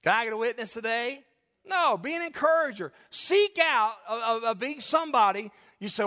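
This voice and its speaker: A man's voice: very high-pitched, lively intonation, normal speed, sharp tone, big-room sound. A man preaching a sermon as pastor, emphatic with call-and-response and jokes, in a church sanctuary.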